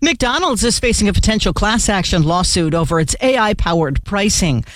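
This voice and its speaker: A woman network news reporter reads a scripted report in a crisp, formal delivery. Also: medium pitch, expressive, normal speed, a crowd in the background.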